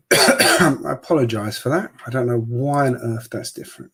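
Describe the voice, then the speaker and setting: A man's voice: medium pitch, unhurried, fairly bright tone, breathy edge. A man with an Australian accent hosting a live building stream, chatting casually and rambling with filler words.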